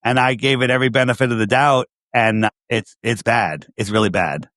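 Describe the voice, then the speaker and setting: A man's voice: medium pitch, brisk, a bit bright, no echo, studio quality. Emphatic man with a New York accent. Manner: emphatic, repeats phrases, asks rhetorical questions. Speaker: podcast guest. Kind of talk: casual interview talk.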